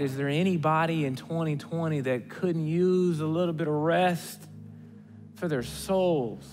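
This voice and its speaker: A male pastor delivers a sermon with a high, bright voice. He talks conversationally, dropping to hushed tones and then rising with excitement. The sound carries a long church reverb with faint music behind it. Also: measured pace. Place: church stage.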